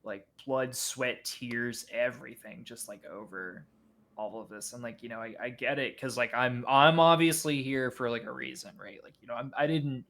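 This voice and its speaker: Man, podcast guest, casual discussion, halting, lots of fillers, mid pitch. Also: gravelly, a bit bright. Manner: halting, many fillers and restarts.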